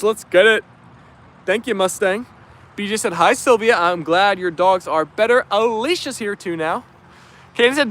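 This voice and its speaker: A man's voice: high-pitched, animated, a little slow, long pauses, sharp tone. A man hosting a dog livestream outdoors, reading viewer comments aloud in an upbeat, easygoing way. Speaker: livestream host. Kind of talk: live chat reading.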